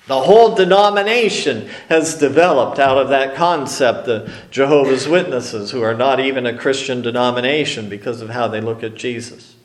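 A man preaching a sermon slowly and emphatically, with dramatic pauses on key words. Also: mid-range voice, echoey room. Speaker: pastor.

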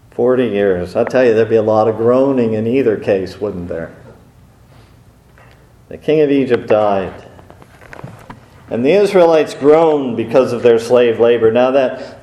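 A man's voice: mid-range voice, mellow. A man preaching a sermon in a conversational way, with rhetorical questions and wry asides. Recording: roomy echo.

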